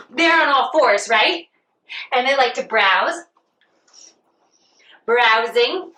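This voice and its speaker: Bright, lively woman leading kids' yoga. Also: fairly high pitch, slow, long pauses, reverberant, recorded from a distance, slight background noise, rough recording. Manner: animated, sing-song, talks to a child. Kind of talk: playful children's yoga lesson. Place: outdoors on a farm.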